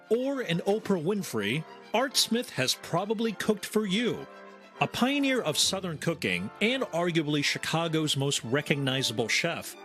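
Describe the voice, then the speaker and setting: A man narrating a news feature as a food reporter, telling the story with a lively, upbeat delivery. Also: a little high.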